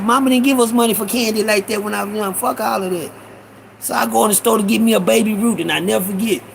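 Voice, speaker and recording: A man hosts a loose storytelling stream, full of slang and shout-outs. His voice sits high for a man and rasps with a gravelly fry. He keeps circling back with repeated asides to his viewers. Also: slight background noise, poor audio. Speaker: host.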